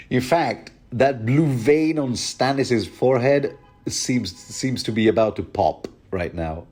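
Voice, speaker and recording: A man's voice: lowish voice, measured pace, warm tone. A man hosting a podcast, giving jokey, chatty chapter commentary full of asides. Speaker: podcast host.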